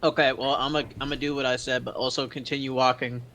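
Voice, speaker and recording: A man's voice: medium pitch, little pitch movement, quick pace, sharp tone. A man playing a tabletop game, describing his character's actions in a plain, matter-of-fact way. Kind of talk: casual chat.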